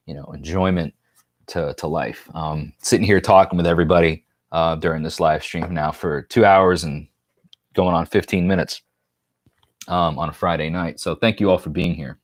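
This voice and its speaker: A man's voice: deep voice, no echo, studio quality. A man from New York hosting a casual live stream, joking and rambling as he reads viewer comments aloud.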